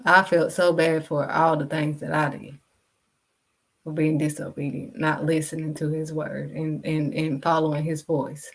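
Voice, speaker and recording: A woman's voice: low voice, little pitch movement, a little slow. A woman vlogger giving a blunt, scolding faith talk straight to camera. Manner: blunt, direct, scolding, refuses to sugarcoat. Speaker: vlogger and kids' modeling teacher.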